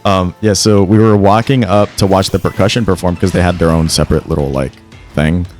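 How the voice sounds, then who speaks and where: A man's voice: low-pitched, fairly even intonation, fairly quick, darkish tone, faint music behind. A young man telling a story casually on a gaming podcast, swearing freely and often restarting and stammering. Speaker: podcast co-host.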